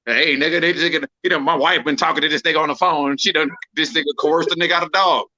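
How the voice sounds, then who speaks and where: A man telling stories in a casual chat, loud and laughing, often mimicking other people. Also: fairly high pitch, steady tone, fast talker, muffled recording. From Texas. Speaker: co-host.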